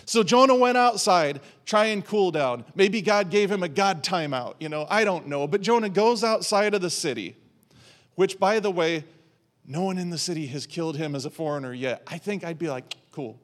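Man preaching, fairly high voice, lively storytelling, playful asides. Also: moderate pace. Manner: animated storytelling with playful asides and acted quotes. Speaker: pastor. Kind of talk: sermon.

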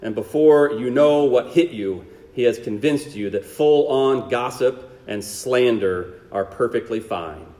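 A man preaching a sermon, asking rhetorical tag questions and dropping to a hushed low voice for emphasis. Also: animated, measured pace, hardly any pauses. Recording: long hall reverb.

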